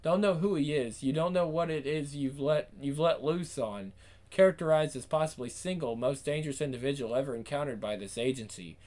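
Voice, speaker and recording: A man reading aloud in a clipped, report-like way, dropping words like case notes. His voice sits somewhat high for a man. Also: brisk, darkish tone. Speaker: reader. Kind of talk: dramatic comic reading.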